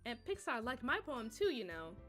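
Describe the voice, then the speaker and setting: Yuri, a soft-spoken bookish girl, read by a woman. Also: a little high, big pitch swings, soft background music. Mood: measured. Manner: soft, measured, hesitant. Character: shy, reserved bookish teen girl. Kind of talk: reading game dialogue aloud.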